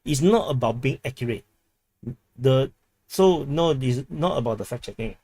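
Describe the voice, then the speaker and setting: A man's voice: mid-range voice, animated, moderate pace, darkish tone, husky. Chatty Singaporean man streaming live. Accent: Singaporean English. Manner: chatty, repeats words, laughs often. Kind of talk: casual live stream chat reading comments.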